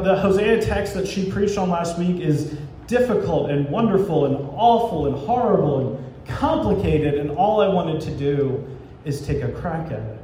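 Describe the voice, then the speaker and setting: A man with a high, warm voice delivers a sermon in a church. He retells scripture as lively little scenes, playing God and the people. The recording rings with heavy room echo and faint background noise. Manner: storytelling, acting out dialogue between God and people. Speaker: pastor. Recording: echoey church sanctuary with faint ambient noise.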